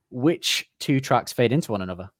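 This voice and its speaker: A man's voice: medium pitch, breathy edge, no echo, clean studio sound. A man hosting a casual podcast quiz, teasing the players and laughing as he reads out questions.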